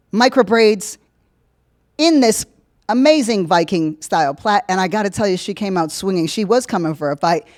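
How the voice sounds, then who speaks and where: A woman hosting a podcast, giving casual political commentary in a jokey, profane way, swinging from loud emphasis to low asides. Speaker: podcast host.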